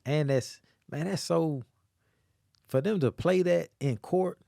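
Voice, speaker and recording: A man co-hosting a podcast, chatting casually and telling stories with lots of drawn-out "man". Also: fairly high pitch, vocal fry, no room sound, clean studio sound. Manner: animated storyteller, drawn-out "man". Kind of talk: casual chat.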